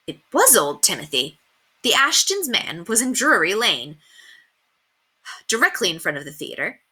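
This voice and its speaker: Woman teacher, read-aloud storybook, very bright tone, lively pitch. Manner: expressive, animated storytelling. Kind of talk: reading a chapter book aloud.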